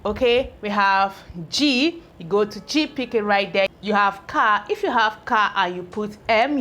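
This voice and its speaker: A woman teaching phonics at a board speaks in a medium-pitched voice with a bright, forceful tone. She draws out every syllable slowly as she puts words together, pausing often to ask if her learners follow.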